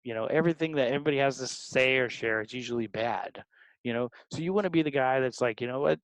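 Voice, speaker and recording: A man talking as a sales guest, animated, often tagging his points with "right?" and acting out callers' lines. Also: medium pitch, fast, smooth, no echo, rough recording. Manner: animated, tag questions, acts out callers. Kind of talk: energetic interview talk.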